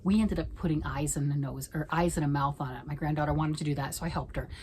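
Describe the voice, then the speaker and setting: Middle-aged woman rambling at home, kinda low voice, keeps going soft and whispery, faint background noise. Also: steady tone, quick pace, rough recording. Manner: rambling and chatty, often dropping to a soft near-whisper. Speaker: knitting vlogger. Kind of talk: casual chat.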